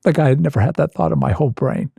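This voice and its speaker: A man, a therapist appearing as a guest, telling a personal story in a vivid, animated and self-mocking way. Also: a little high, racing, vocal fry, breathy edge, no room sound.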